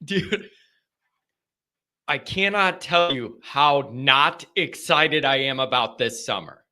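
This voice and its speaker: A man hosting a live sports call-in show, talking casually, excitable and rambling, often laughing. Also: mid-range voice, slow.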